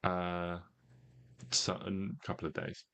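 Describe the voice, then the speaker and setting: Deep-voiced man narrating a game. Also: completely flat delivery, gravelly, bright, forceful tone, clear, resonant tone. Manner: measured narration with frequent ums and pauses. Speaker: game master.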